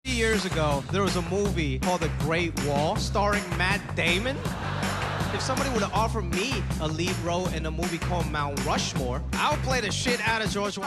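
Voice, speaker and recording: High-voiced man doing stand-up. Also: expressive, fairly quick, loud music behind the voice. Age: 30s. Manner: conversational, acts out quoted voices. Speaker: stand-up comedian. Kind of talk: stand-up comedy set. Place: comedy stage before a live audience. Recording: live venue with long reverb, audience noise.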